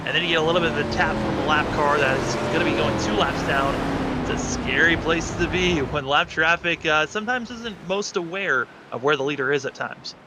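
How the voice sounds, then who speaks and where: A man's voice: fairly high pitch, brisk. A man doing color commentary on a sim racing broadcast, explaining driving technique at length. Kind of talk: live race commentary. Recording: noisy stream audio.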